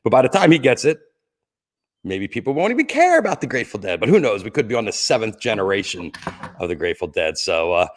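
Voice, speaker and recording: A middle-aged man chats casually to his livestream viewers from beside his Christmas tree. His voice sits a little low, and he rambles from joke to joke, greeting people by name. He coughs now and then between lines. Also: big pitch swings, quick pace. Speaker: livestream host.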